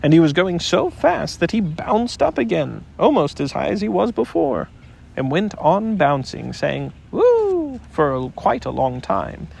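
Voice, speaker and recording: A man narrating a children's storybook audiobook in an expressive, gently paced reading. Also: on the high side, unhurried, creaky, breathy edge.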